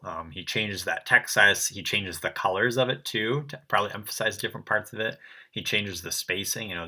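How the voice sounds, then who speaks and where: A young man teaching an online art lesson to children, chatty and relaxed, with lots of fillers. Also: deep voice. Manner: relaxed and chatty, full of um and kinda.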